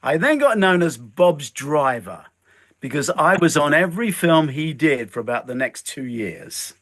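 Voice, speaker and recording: Telling stories as a guest in an interview, an older man who works as a stuntman and filmmaker gets animated and performs the lines he quotes. He speaks a little slowly in a voice on the high side.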